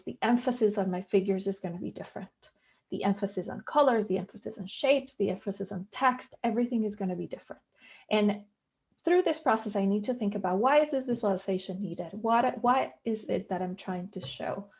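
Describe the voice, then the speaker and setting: A woman's voice: medium pitch, a little mellow. Woman lecturing on a muffled video call. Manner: explanatory, poses rhetorical questions. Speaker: workshop presenter. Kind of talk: online workshop lecture.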